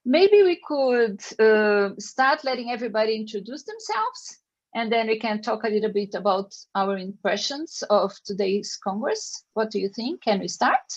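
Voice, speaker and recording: A woman's voice: on the high side, very animated, moderate pace, dull audio. An older woman from Brazil, hosting a casual panel chat over a video call and inviting each guest to speak. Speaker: panel host, veterinary professor.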